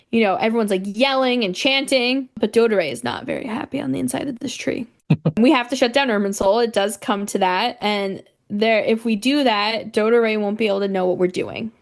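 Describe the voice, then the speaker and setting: A high-pitched woman hosting a podcast, telling a game's plot in a lively, chatty way. She jumps into little character voices as she goes. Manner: animated storyteller acting out characters' lines. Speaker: podcast co-host. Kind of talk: casual chat recapping a game story.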